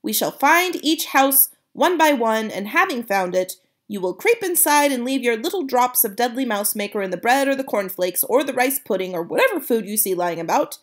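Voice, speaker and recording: A woman's voice: on the high side, lively intonation, normal speed, hardly any pauses, close to an everyday voice. A woman voicing a spirited, fierce old grandmother who speaks emphatically and exclaims often. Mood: grand, rousing.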